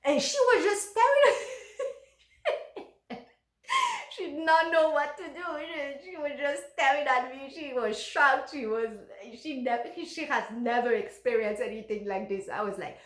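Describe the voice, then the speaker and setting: A woman with a high, bright-pitched voice tells a personal story to camera in a candid, unfiltered way. She is frank and emotional and swears freely. The sound carries a roomy echo. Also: lively intonation, a little slow. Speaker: vlogger recounting her own life.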